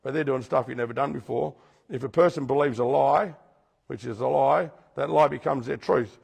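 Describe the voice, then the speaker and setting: Gravelly, husky man preaching in a hall. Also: medium pitch, moderate pace, a little mellow. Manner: repetitive, questions the audience directly. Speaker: speaker teaching a recovery group. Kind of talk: preaching-style talk to a group. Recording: long hall reverb.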